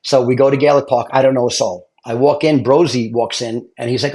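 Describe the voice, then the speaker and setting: A middle-aged man from Brooklyn with a New York accent, a retired fire lieutenant telling animated stories and acting out quotes. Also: mid-range voice, fairly quick. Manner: animated storyteller, acts out quotes, laughs often. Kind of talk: casual storytelling chat.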